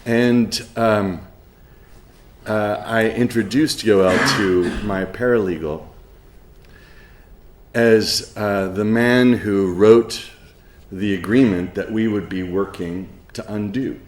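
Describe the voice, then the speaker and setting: A middle-aged man giving a lecture, halting with many ums and uhs, with a dry sense of humor. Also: on the low side, reverberant, a little hiss or hum. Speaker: professor giving a conference talk. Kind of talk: spoken lecture with an anecdote.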